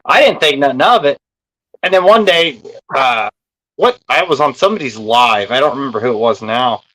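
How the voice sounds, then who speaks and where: A man's voice: mid-range voice, animated, normal speed, pushed and bright, low-quality recording. A man talking in a casual live stream chat as a guest, self-deprecating and laughing easily. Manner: self-deprecating, chuckles often.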